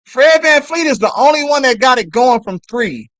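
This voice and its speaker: Animated, cussing fan play-by-play man. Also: very high voice, moderate pace, no room sound. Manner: excited, profane trash talk at players. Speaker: live stream commentator. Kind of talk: fan play-by-play watch-along.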